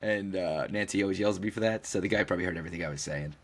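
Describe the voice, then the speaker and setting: A man with a fairly low voice tells a long story in loose podcast chat. He jumps into the voices of the people he quotes and curses without a second thought. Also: rapid-fire. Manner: animated storyteller who acts out quoted dialogue and swears freely. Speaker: podcast co-host.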